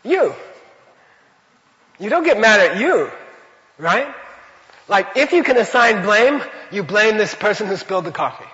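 A man's voice: sits high, big pitch swings, a little slow, long pauses, sharp tone, long reverb tail, highs cut off. A man teaching a Buddhist class in a loose, conversational way, full of rhetorical questions and repeated phrases.

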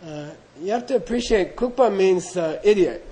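High-voiced middle-aged man telling a funny story. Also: lively intonation, normal speed, warm tone, rough recording. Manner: self-deprecating, loose and anecdotal, acts out quoted dialogue. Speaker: speaker recounting monastery training. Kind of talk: humorous storytelling to an audience.

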